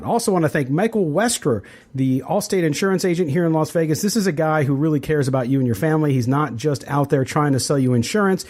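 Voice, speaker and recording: A man's voice: a little high, a little mellow. Man hosting a casual sports podcast. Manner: conversational, quick sponsor reads with fillers. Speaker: podcast host.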